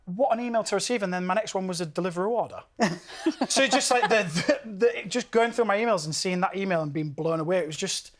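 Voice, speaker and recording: A man in his thirties with a Yorkshire accent, a singer telling stories as an interview guest, lively and laughing often, restarting his sentences. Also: high voice, fast. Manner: animated, laughs often, repeats words as he restarts. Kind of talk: casual interview chat.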